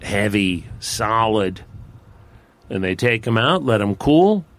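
A man tells a folk tale in a relaxed, conversational manner. His voice sits low and he speaks slowly. A faint hiss runs under the recording. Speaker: storyteller. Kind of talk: folksy spoken storytelling.

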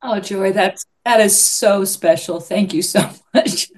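A woman's voice: medium pitch, slow. A woman producer answering interview questions earnestly, often restarting her sentences. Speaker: show producer.

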